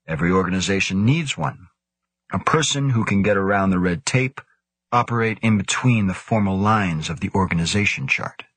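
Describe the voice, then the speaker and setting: A man doing a guarded, hushed scientist. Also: deep voice, animated, moderate pace, breathy edge, no room sound, exaggerated voice. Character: cautious, measured male scientist.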